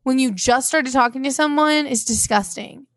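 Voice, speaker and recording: A woman's voice: high voice, normal speed, a bit bright, no room sound. A young woman hosting a comedy podcast, indignant and laughing, saying "like" a lot. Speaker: podcast host.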